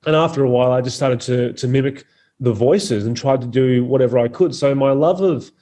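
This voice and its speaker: A man talks bluntly in a relaxed, mellow voice, with plenty of swearing. His pitch sits in an ordinary middle range. He is a comedian guest holding forth in a casual podcast chat. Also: brisk. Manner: blunt and opinionated, swears freely.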